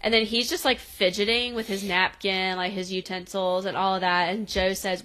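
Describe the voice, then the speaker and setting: A woman's voice: medium pitch, little pitch movement, moderate pace, hardly any pauses, pushed and bright, smooth. A woman co-hosting a podcast, casually retelling a TV episode scene by scene and acting out the characters' lines with laughs. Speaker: podcast co-host. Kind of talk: casual recap chat.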